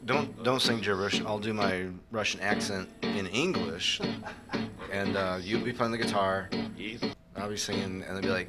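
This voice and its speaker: A man's voice: on the low side, steady tone, normal speed, loud music behind the voice. A man co-hosting a casual comedy podcast, joking and laughing, now and then slipping into silly voices. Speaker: podcast co-host.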